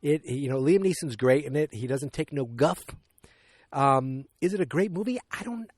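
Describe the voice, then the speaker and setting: A man's voice: fairly high pitch, lively intonation, moderate pace, a little mellow, dry recording, studio quality. A man hosting a podcast, casually recapping a movie plot in a rambling way, full of fillers and acted-out quotes. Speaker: podcast host.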